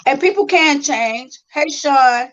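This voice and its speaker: A woman's voice: high voice, lively intonation, slow, slight background noise. A woman co-hosting a live stream talk show from her phone, thinking aloud and searching for words as she talks. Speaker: co-host. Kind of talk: casual live-stream chat. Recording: slightly dull lo-fi phone audio.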